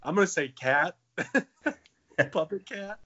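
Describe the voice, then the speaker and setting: A man's voice: high voice, expressive, takes it slowly, sharp tone, lo-fi sound, slight background noise. A man in his late twenties, joking and swearing in a casual comedic chat as a podcast co-host. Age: 20s. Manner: jokey, profane, playful.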